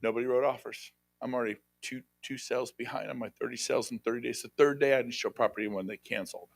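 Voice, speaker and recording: A man giving a high-energy motivational sales seminar talk, often shouting out to the audience. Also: steady tone, quick pace, gravelly, no echo. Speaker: seminar speaker. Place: hotel conference room.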